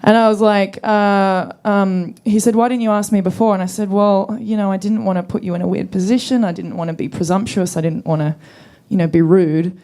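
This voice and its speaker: A young woman performing a stand-up comedy set, telling stories in a deadpan, sarcastic way and acting out the quotes. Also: mid-range voice, a little fast, hardly any pauses.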